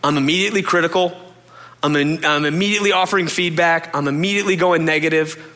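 A man's voice: on the high side, fast talker, bright, forceful tone. A man preaching a conversational sermon as a pastor, earnest and confessional, speaking straight to his listeners.

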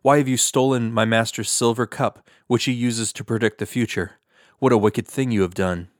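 A man's voice: mid-range voice, steady tone, normal speed, dry recording, studio quality, close to an everyday voice. A man reading the part of a powerful ruler who speaks sternly.

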